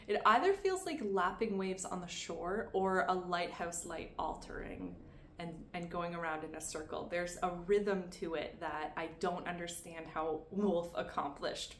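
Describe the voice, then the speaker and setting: A woman with a Canadian accent talks through her monthly reads in a relaxed, reflective way, catching and laughing at her own slips. Her voice sits on the lower side. The room adds a noticeable echo and a faint hum of ambience. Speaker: book reviewer. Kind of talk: casual book review. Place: room at home.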